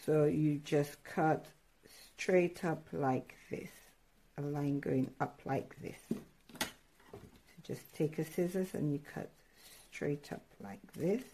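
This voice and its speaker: A woman art teacher walking children through a craft lesson step by step, encouraging and excitable, pausing often with fillers. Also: low voice, slight background noise. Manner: encouraging, hesitant with many fillers; addresses children directly, excitable.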